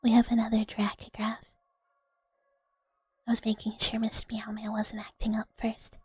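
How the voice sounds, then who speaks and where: A woman streamer in whispered role-play as a mouse girl, breathy and playfully teasing, close on a binaural mic. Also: fairly high pitch, monotone, moderate pace, dark tone. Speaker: ASMR streamer. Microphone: binaural 3Dio microphone.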